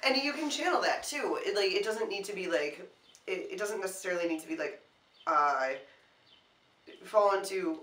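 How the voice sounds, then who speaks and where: A woman co-hosting a casual chat, animated and often restarting her sentences. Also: medium pitch, moderate pace. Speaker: co-host. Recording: echoey room, mic at a distance.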